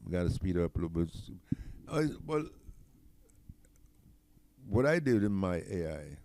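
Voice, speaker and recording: A man's voice: low-pitched, big pitch swings, unhurried, mellow, slight background noise. A middle-aged man with a Jamaican accent, chatting loosely as he demos his own AI website and keeps checking in with "right?". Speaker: tech founder demoing his AI site. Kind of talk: casual screen-share demo.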